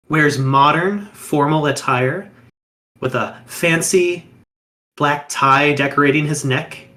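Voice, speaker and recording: A man running a tabletop horror role-playing session as game master, describing the scene in measured, descriptive narration. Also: mid-range voice, fairly bright tone.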